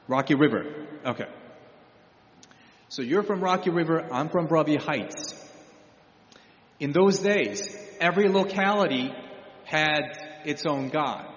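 A man delivers a teaching sermon from the pulpit in a somewhat higher register, stopping and restarting his phrases as he explains. The recording is dull and lo-fi, with a long reverb from a large, echoey room. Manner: explanatory, halting with repeated restarts. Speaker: pastor. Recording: echoey hall, dull lo-fi sound.

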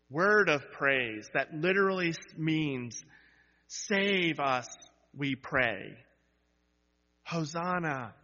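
Slow-speaking pastor in a reverberant church. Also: male voice, medium pitch, sharp tone. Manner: builds to rising, emphatic repeated cries; conversational asides to the congregation. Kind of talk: sermon. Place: church sanctuary. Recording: dull sound with long church reverb.

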